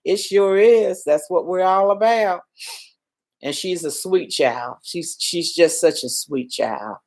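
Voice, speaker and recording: A shaken older woman hosts a casual live stream and speaks slowly in a lowish voice. She answers viewers' comments with reassurance while she tries to settle her nerves. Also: a little mellow. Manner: emotional, reassuring, reads viewer comments aloud. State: shaken, calming down.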